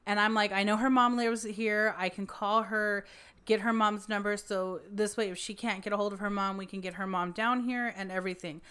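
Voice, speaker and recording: A woman in casual conversation, recounting events in a lively, animated way. She swears freely and acts out what others said. Her pitch sits in the middle range. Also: normal speed, clear, resonant tone. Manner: lively storytelling, swearing, acting out quotes. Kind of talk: casual chat.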